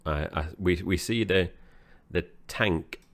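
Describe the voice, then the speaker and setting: A man co-hosting a film podcast, recapping the plot in an easygoing, slightly halting way. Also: sits low, fairly bright tone. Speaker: podcast co-host. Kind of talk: casual film-review chat.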